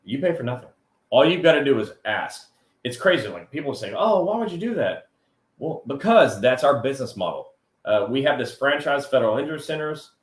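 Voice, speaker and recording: A man's voice: medium pitch, animated, a little fast. A man co-hosting a live online chat, talking loosely and animatedly with plenty of jokey asides. His voice sits in the middle of the range for a man. The sound has a roomy echo around it. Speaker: co-host of a live workers' comp chat show. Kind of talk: casual live-stream chat.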